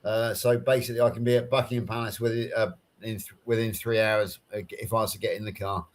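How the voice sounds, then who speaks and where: A man's voice: on the low side, level tone, fast talker. Man, English West Country accent, casual live chat, rambling, restarts and fillers. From England. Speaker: guest on a live crochet chat.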